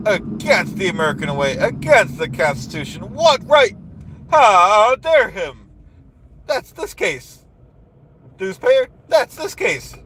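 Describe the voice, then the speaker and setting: A man doing a comedic in-character rant as a livestreamer, bombastic, boastful and repetitive, recorded in a car. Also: high voice. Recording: noisy car interior.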